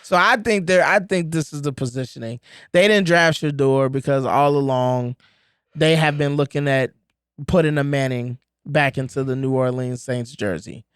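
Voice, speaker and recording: A man co-hosting a sports podcast, talking in an animated, emphatic way and repeating words for effect. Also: mid-range voice, moderate pace, clean tone, no room sound, clean studio sound. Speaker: podcast co-host. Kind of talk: casual sports chat.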